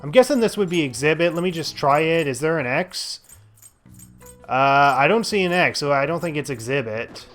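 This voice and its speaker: A man's voice: on the high side, expressive, moderate pace, fairly bright tone, soft background music. A man giving casual gameplay commentary as a let's play host, sarcastic and thinking aloud with lots of fillers.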